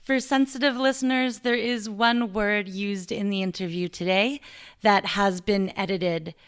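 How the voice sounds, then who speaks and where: A woman hosting a podcast, reading a chatty, fast-paced intro and promo. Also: medium pitch, steady tone, smooth. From United States. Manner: chatty, upbeat, rushed. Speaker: podcast host.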